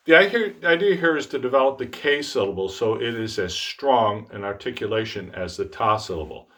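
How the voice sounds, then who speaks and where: A middle-aged man teaching trombone tonguing in a relaxed, self-deprecating way, speaking out the articulation syllables as he explains them. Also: lowish voice. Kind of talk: instructional demonstration.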